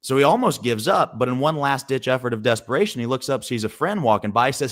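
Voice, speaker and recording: A male guest on a live stream, telling a story in an animated way and voicing the characters' lines. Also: medium pitch, quick pace, few pauses.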